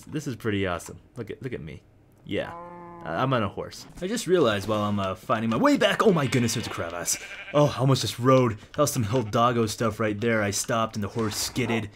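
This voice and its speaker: A young man casually commenting on his own gameplay as a video host, rambling and excitable with lots of jokes. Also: medium pitch, slight background noise. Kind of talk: casual let's-play commentary.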